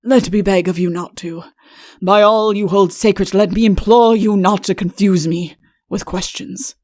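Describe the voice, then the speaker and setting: A deposed king, plaintive and self-pitying, pleads in slow, earnest phrases, voiced by a woman. The storybook reading is dry and close, with no room sound. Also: mid-range voice, steady tone, darkish tone, dry recording, natural voice. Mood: earnest pleading. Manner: slow, earnest, imploring delivery. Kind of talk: audiobook character reading.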